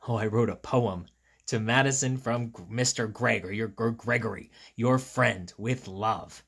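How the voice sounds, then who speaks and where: A man's voice: mid-range voice, unhurried, vocal fry, fairly bright tone, husky. A man, a school teacher, reading a picture book aloud to children and chatting with them as he goes. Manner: chatty, talks straight to young listeners; playful asides and counting along.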